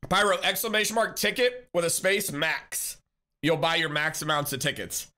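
A male streamer with a high, bright, ringing voice, teasing his chat and laughing easily. He thanks viewers and reads out messages in a loose, casual way. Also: normal speed. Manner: chatty, teasing, laughs often.

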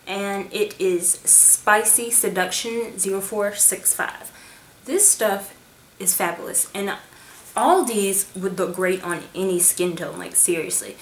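A gushing, chatty woman reviews beauty products at a mid-range pitch. Her talk sometimes sinks to a whisper. The sound is roomy and echoey, with a faint hum behind her. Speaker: beauty vlogger.

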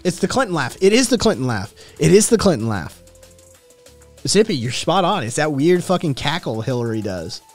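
A man's voice: fairly high pitch, big pitch swings, normal speed. Podcast host, male, loose profane rambler, faint music in the background. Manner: profane, rambling, reacting to chat. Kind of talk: casual livestream chat.

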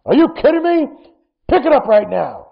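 A man's voice: mid-range voice, sing-song, quick pace, gravelly, slightly rough, lo-fi sound, exaggerated voice. A man voicing a blunt, demanding male youth baseball coach as he retells a story. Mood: sharp, shouting.

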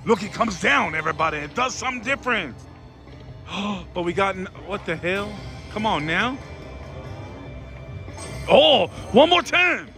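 A man's voice: high voice, normal speed, vocal fry. Guy filming himself gambling, chatty and hyped, slot music blaring behind him. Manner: animated, talks to viewers, sudden excited outbursts. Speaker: casino vlogger. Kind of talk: excitable slot-machine commentary. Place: casino floor. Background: loud casino machine music.

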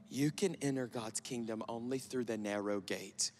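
A man preaching an impassioned sermon to students, urging them on, then dropping to a hushed whisper. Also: medium pitch, normal speed, few pauses, faint music behind. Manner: urgent, swinging from loud exhortation to hushed whisper. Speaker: youth preacher.

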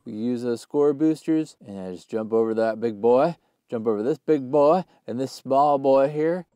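A young man giving casual gameplay commentary, full of slang, who often bursts into loud screams and laughter. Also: mid-range voice, moderate pace, clear, resonant tone, no room sound. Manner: hyped, yells and screams when excited, slangy. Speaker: gaming YouTuber.

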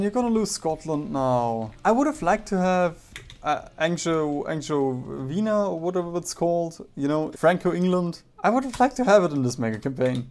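While streaming a strategy game, a man offers casual commentary, joking and poking fun at himself as he reacts to what happens on screen. His voice sits on the high side and is slightly mellow.

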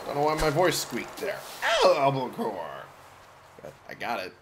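A man muttering casual commentary to himself while playing a game, now and then breaking into sudden excited yelps. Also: medium pitch, unhurried. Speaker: let's play gamer. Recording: noisy home recording.

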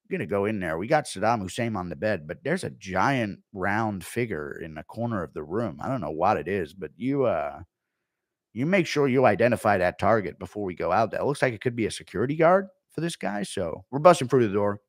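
A streamer voicing a calm male soldier giving orders over a radio in a low, measured voice. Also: no room sound, studio quality.

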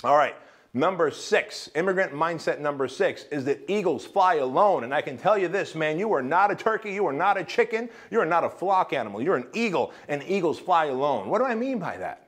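A man speaks to entrepreneurs in a motivational seminar style, hammering each point home. His voice sits a little high for a man. He keeps it punchy and often tosses in a rhetorical "right?". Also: animated, a little fast, few pauses, a bit bright. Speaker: business coach.

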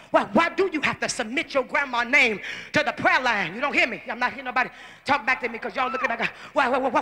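Woman preacher, high and piercing, fiery sermon delivery that swings between shouts and hushed murmurs in a big church. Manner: folksy, repetitive, drives points home with questions. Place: large church building.

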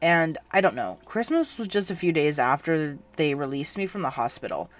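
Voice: mid-range voice, expressive, moderate pace, close to an everyday voice. A narrator voicing the listener's own character, a sarcastic, self-mocking young cyborg with a prosthetic hand, in a fan fiction audiobook reading. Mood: wry.

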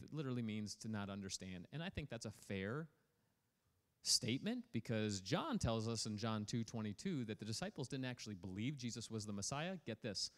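A pastor preaching a sermon in an energetic, playful way, prodding the congregation to respond. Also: male voice, medium pitch. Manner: energetic, playful, prods the audience for feedback.

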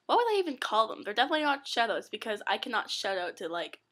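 Giddy, rambling teen girl with a bright voice. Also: on the high side, big pitch swings, quick pace. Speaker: vlogger. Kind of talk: casual vlog chat.

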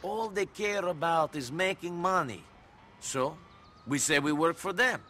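Balkan ex-soldier in a game, dry sarcastic, bright and kinda high. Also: male voice, measured pace, slight background noise. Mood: firm. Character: gruff sardonic male immigrant ex-soldier. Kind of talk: video game cutscene dialogue.

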